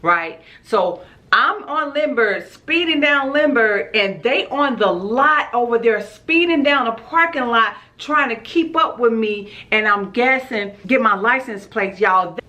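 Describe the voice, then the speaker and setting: Bright-voiced chatty woman storyteller. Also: on the high side, measured pace. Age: adult with a school-age son. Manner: chatty, keeps calling to viewers, laughs often. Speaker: vlogger. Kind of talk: casual storytime chat to camera.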